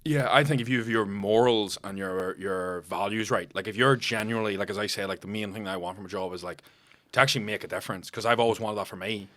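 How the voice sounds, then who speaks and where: A man's voice: fairly low pitch, fast, a bit bright, no room sound. A man talking as a guest on a casual podcast, reflective but sweary. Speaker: podcast guest, former firefighter.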